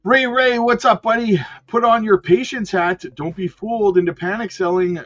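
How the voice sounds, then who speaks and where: A man's voice: high-pitched, moderate pace, a bit bright. A man hosting a casual crypto livestream, chatting with viewers and reading their comments aloud. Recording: dull lo-fi sound with faint music.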